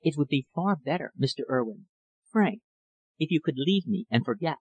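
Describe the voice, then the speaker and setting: A man voicing an anguished young woman hiding a dark secret in a storybook reading, pleading and breaking into high cries. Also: animated, normal speed, slightly rough, no echo, low-quality recording.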